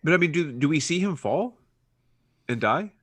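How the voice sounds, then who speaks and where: A man co-hosting a podcast, talking casually about movies and searching for words as he goes, getting animated when something puzzles him. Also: a little high, normal speed, no echo. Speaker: podcast co-host.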